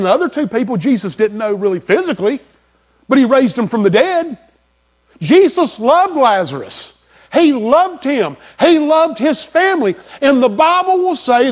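A male pastor preaching a sermon in an emphatic, folksy manner, repeating key phrases and swinging from loud to soft. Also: very high voice.

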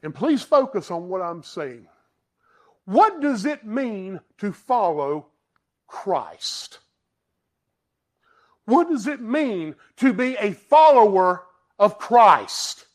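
High-voiced emphatic male preacher. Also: big pitch swings, slow, pauses often. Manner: emphatic preaching that swings from loud to hushed. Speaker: pastor. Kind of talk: sermon. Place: church sanctuary.

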